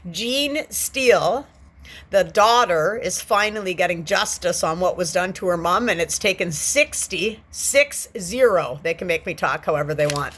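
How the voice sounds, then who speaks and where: A woman's voice: on the low side, pushed and bright. A woman in her forties ranting agitatedly into a handheld phone while sitting on a bed, swearing often and repeating herself. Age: 40s. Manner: agitated, profane, repetitive. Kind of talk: agitated vlog rant. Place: on a bed indoors.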